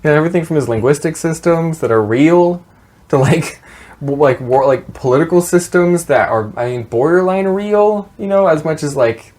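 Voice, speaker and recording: A man's voice: on the high side, expressive, normal speed, darkish tone. A man co-hosting a podcast in casual chat, rambling and swearing as he retells stories with laughs. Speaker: podcast co-host. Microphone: podcast mic.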